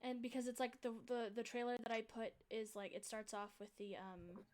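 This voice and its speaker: A woman's voice: on the high side, little pitch movement, moderate pace. Chatty young woman hosting a stream. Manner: chatty, rambling, many restarts. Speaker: streamer and host. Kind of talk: casual chat during a game stream.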